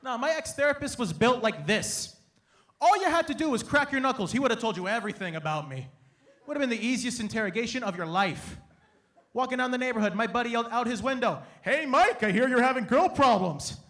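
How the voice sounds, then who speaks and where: On a comedy stage in front of a live audience, a young Canadian man performs a lively, playful stand-up set, acting out members of his family in rapid bits. His voice is very high-pitched.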